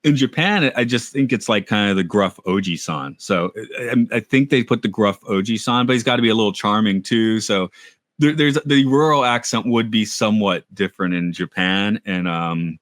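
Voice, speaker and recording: Podcast co-host, male, lowish voice, loose chatty delivery, dry booth. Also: moderate pace, no room sound. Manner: rambling, animated asides. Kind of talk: casual chat.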